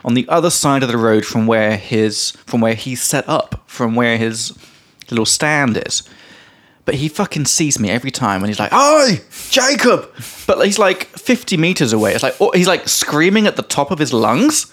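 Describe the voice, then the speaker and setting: Here the young English-teacher podcast host speaks at normal speed with a fairly bright tone, mid-range pitch and lively intonation. He rambles through his casual lesson, full of fillers, laughing, imitating voices and defining words along the way.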